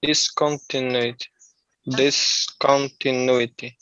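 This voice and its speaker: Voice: mid-range voice, little pitch movement, slow, a bit bright, no echo, muffled recording. An adult language student on a video call, hesitant and searching for words, not a native English speaker. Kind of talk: class participation.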